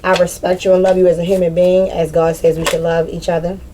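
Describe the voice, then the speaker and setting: A woman's voice: on the low side, level tone, fast talker, dark tone, a little hiss or hum. A woman giving a casual spiritual reading to her viewers, candid and slangy, with frequent swearing. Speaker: spiritual reader.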